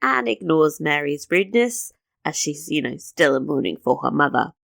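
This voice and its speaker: A woman's voice: low voice, big pitch swings, normal speed, creaky, a bit bright, no room sound. A woman co-hosting a podcast, recapping a TV episode in casual chat with sarcastic asides. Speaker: podcast co-host.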